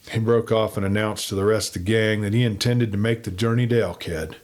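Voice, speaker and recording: A man reading a western novel aloud in steady storytelling narration. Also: lowish voice, fairly quick, hardly any pauses. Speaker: audiobook narrator.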